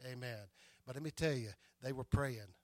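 A man's voice: mid-range voice, moderate pace. An older man preaching a sermon and telling his own stories, stumbling over repeated words and adding "amen" between his lines. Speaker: pastor.

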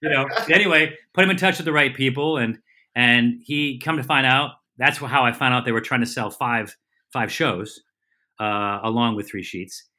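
A middle-aged man, a comedian and TV host, telling a casual, rambling story as a podcast guest and correcting himself as he goes. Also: medium pitch. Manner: lively, rambling storyteller with quick self-corrections.

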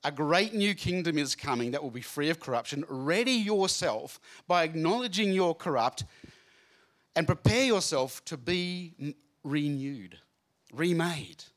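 An animated man gives a chatty Bible talk to a room full of listeners. His voice sits a little high for a man. He is jokey and playful, acting out the scenes as he goes. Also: measured pace. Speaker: speaker at a student Bible training night. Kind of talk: lively Bible talk to a live group. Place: room with a live audience.

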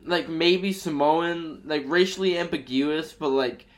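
Speaking unhurriedly in a voice on the high side, a young podcast host drifts through a crude anecdote full of filler words. The talk is casual podcast chat.

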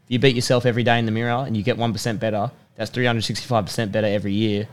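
Fast-talking young man. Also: on the low side, flat delivery. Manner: emphatic, repetitive pep-talk delivery. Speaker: podcast guest, personal trainer and rugby player. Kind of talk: motivational casual chat.

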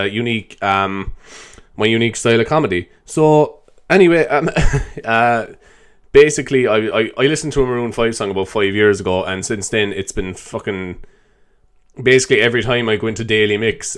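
Man, comedy host, improvised rambling monologue, self-mocking, frequent laughter, very lively pitch.

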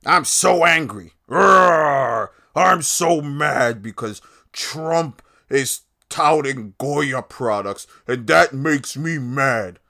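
A man's voice: medium pitch, expressive, very slow, vocal fry, sharp tone, voice pushed up, full character voice. A man doing a mocking impression of a whiny, fake-angry male TV news anchor, drawn out and overwrought. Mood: mock outrage.

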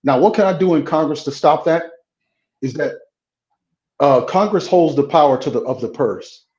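A man's voice: fairly high pitch, moderate pace, darkish tone, reverberant, muffled recording. A man, a pastor running for Congress, speaking frankly and bluntly in a political interview and often stumbling over fillers.

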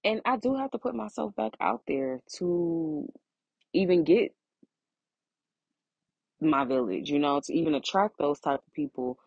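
A low-pitched woman talks alone into her podcast mic, emotional and close to tears. She speaks with heartfelt emphasis and circles back over her own phrases. The sound is dry, with no room around it, and slightly muffled and lo-fi. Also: animated, unhurried, vocal fry, pauses often, darkish tone, husky, no room sound. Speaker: podcast host. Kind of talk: solo podcast monologue.

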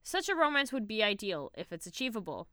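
A woman's voice: medium pitch, sing-song, brisk, pushed and bright, no echo, studio quality. A woman co-hosting a casual podcast, reading quiz questions and answer options aloud in a matter-of-fact way. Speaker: podcast co-host.

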